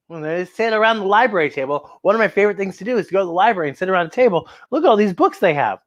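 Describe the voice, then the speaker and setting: A woman hosting a children's show, reading a picture book aloud with chatty, animated asides. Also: mid-range voice, rapid-fire, few pauses. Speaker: children's story host.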